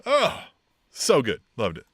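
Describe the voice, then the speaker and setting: A man's voice: mid-range voice, huge pitch swings, slow, fairly bright tone, no room sound, studio quality. A man co-hosting a wrestling podcast in casual chat, swearing freely and acting out what people said in mock voices. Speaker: podcast co-host.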